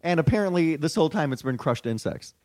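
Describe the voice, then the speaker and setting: A man's voice: a little high, lively intonation, quick pace, darkish tone. A man co-hosting a casual comedic chat, reading out the news items in a wry, questioning way. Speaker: podcast co-host.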